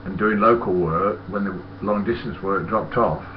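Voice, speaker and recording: A man's voice: fairly low pitch, normal speed, highs cut off, slight background noise. A man, a former lorry driver telling stories in a rambling, blunt and profane way. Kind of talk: casual storytelling monologue.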